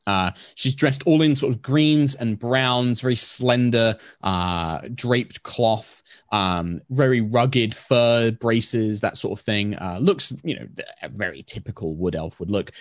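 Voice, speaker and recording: Relaxed man running a tabletop game. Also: lowish voice, dry recording. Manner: relaxed, rambling narration with fillers. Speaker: game master.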